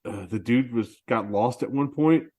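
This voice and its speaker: A man's voice: mid-range voice, normal speed, dark tone. A man co-hosting a film podcast, telling long rambling anecdotes in casual chat and laughing at himself. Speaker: podcast co-host.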